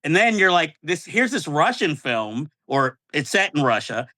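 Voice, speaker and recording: A man's voice: fairly high pitch, sing-song, normal speed, sharp tone. A man hosting a podcast, chatting about films and acting out his own reactions. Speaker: podcast host. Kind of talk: casual film chat.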